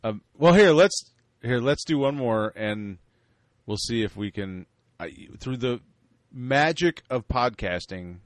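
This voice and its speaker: Male podcast host, swooping animated delivery, dry close sound. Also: mid-range voice, slow, no room sound. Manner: joking, animated. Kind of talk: casual podcast chat.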